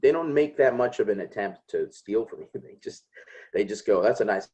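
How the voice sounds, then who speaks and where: A man's voice: on the low side, animated, moderate pace, dark tone. A young man from Chicago, a comedian guest, telling laid-back, self-deprecating stories in casual chat. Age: young adult.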